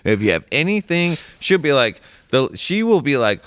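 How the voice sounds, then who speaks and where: A man in his thirties chatting casually, telling animated stories and laughing often. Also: medium pitch, moderate pace, hardly any pauses, no echo. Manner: animated storyteller, laughs often, slips into impressions. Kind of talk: casual chat.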